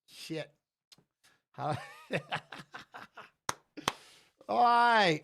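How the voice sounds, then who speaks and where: A middle-aged man hosting a live fight watch-along, excitable and shouting at the fighters while chatting with viewers. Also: high-pitched, a little hiss or hum. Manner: excitable, talks fast over the action, shouts at fighters. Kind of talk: live fight commentary and chat.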